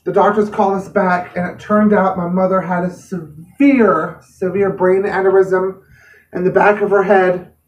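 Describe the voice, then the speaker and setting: A woman's voice: lowish voice, steady tone, a little slow, a little mellow, dull audio. A woman vlogger telling a personal story to camera in an earnest, plain-spoken way. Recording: roomy, distant mic.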